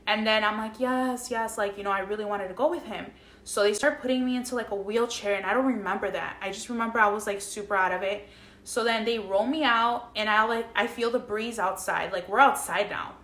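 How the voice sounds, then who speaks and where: A young woman tells her story straight to camera in a loose, chatty way. She acts out every exchange with "like" and swears freely. Her voice is bright and sharp, and it echoes around the room. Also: medium pitch, a little fast. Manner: animated, swears freely, acts out dialogue with many "like"s. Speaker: vlogger. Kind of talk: casual storytelling vlog.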